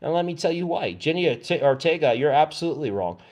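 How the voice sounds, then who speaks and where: A man's voice: a little high, expressive, quick pace, a little mellow. A man talking to his livestream audience in a rambling monologue, often restarting his sentences and sometimes getting worked up. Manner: agitated, repetitive, restarts often.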